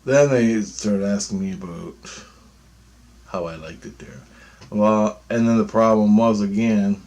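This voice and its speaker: Man with a lowish voice, casual vlog monologue, profane and meandering. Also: a little mellow, slight background noise. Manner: loose, profane, meandering storytelling. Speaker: vlogger.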